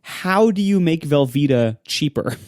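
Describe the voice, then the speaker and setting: A man's voice: fairly high pitch, animated, measured pace, a little mellow, no room sound, studio quality. Wry amused man. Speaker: podcast co-host. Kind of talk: casual chat.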